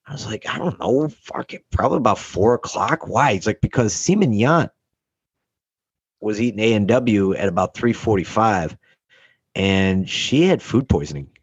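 A young man tells a rambling, profane story, jumping into the voices of the people in it. His voice sits on the low side. The sound is slightly muffled and very dry, with no room around it. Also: expressive, normal speed, breathy edge, no room sound. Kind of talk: casual storytelling.

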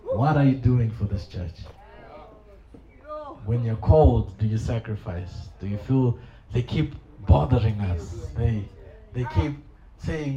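A man's voice: medium pitch, animated, takes it slowly, long pauses, warm tone. A middle-aged male pastor preaching a sermon with passion and humorous asides. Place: church hall. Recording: echoey hall, dull sound, congregation audible.

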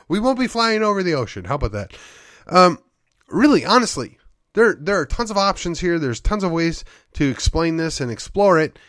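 Man, sarcastic monologue, rhetorical questions, slightly high voice, dry sound. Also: big pitch swings, moderate pace, a bit bright, dry recording. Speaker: podcast host. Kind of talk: opinionated monologue.

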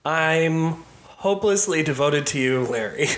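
A man co-hosting a podcast in casual chat, playful and quick with jokey asides. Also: on the high side, animated, a bit bright. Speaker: podcast co-host. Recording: roomy room sound.

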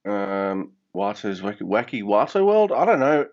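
A man's voice: fairly low pitch, sing-song, moderate pace, darkish tone. A man co-hosting a podcast, joking in a hesitant, self-deprecating way. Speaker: podcast co-host. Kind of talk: casual podcast chat. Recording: dull lo-fi audio.

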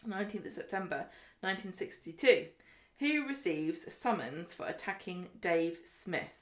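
A woman co-hosting a podcast, chatting in a bubbly, lively way. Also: fairly low pitch, moderate pace. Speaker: podcast co-host. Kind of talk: casual chat. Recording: roomy room sound.

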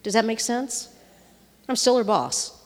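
A middle-aged woman in women's ministry preaches a sermon to a women's gathering in a fairly high, lively voice at a measured pace, a long reverb filling the large hall. Conversational, she keeps checking in with her listeners and sinks to a near-whisper when moved.

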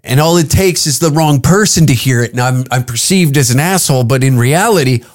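A man's voice: medium pitch, fairly quick. A man hosting a podcast, talking in a crude, rambling comedic monologue full of swearing. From Canada. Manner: profane, rambling, brash. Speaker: podcast host. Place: podcast studio.

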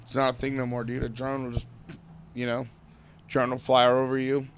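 A man with a mid-pitched voice talking loosely on a podcast. He swears freely and rambles, tacking "dude" onto his sentences. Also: completely flat delivery, normal speed, a little hiss or hum. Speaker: podcast co-host. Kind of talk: casual chat.

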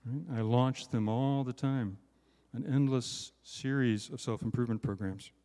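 A man's voice: medium pitch, fairly even intonation, measured pace, warm tone. A man delivers a sermon in a casual, joking way, tossing in frequent "right?" asides to the listeners. His voice sits in the middle of the male range. The sound carries a long reverb from a large hall. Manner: conversational, self-deprecating, frequent "right?" asides. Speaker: conference speaker.

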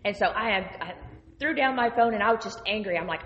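Woman preacher sharing testimony, lively storyteller, long hall reverb. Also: medium pitch, a little fast. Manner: animated, conversational storyteller. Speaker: minister.

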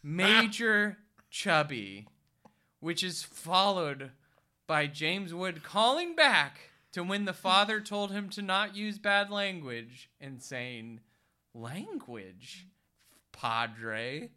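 A man's voice: sits high, big pitch swings, slow pace, pushed and bright, clear, resonant tone. A man co-hosting a podcast, recapping a bad movie in a profane, exasperated rant full of put-on quotes. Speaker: podcast co-host. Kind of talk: casual movie-recap chat.

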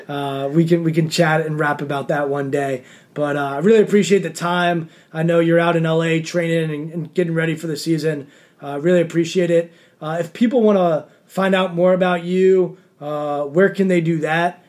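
A man hosts a podcast interview in a loose, conversational way. His voice sits a bit high for a man, and he fills pauses with ums and likes. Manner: relaxed, chatty, many fillers. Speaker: podcast host. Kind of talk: casual interview.

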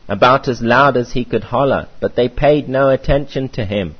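A man reading a first-person memoir aloud in a measured, earnest way, on a muffled lo-fi recording. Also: mid-range voice, slightly rough. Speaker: audiobook reader.

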